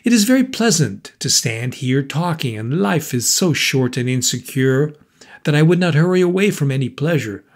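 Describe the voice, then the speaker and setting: A man's voice: fairly high pitch, lively intonation, normal speed. A man reading a storybook voices a troubled, brooding man who talks in a gloomy, pressing way. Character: tense, brooding man, restless and intense.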